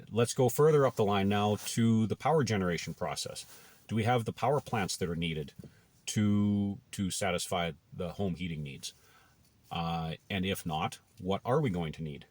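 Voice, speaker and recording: A man's voice: low-pitched, darkish tone, dry recording. A man from Canada talking casually to camera, thinking aloud with many restarts and okays. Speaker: blogger.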